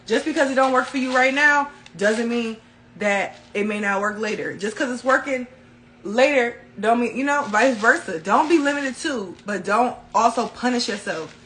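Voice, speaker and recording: A woman talks casually to her viewers about spirituality as a spiritual reader, calling them "y'all" and speaking in an emphatic, colloquial way. She repeats key phrases for effect, in a slightly high, fairly bright voice at a moderate pace. The recording is rough, with slight background noise.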